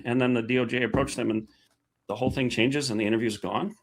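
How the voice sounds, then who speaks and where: A man's voice: mid-range voice, fast, a bit bright. Indignant man hosting an interview. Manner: indignant, rising to outrage. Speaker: host. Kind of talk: heated interview.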